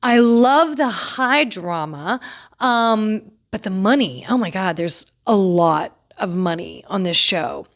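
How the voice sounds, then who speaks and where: A woman giving casual, opinionated commentary on reality TV, chatty and animated. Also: medium pitch, slow pace. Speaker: pop culture commentator.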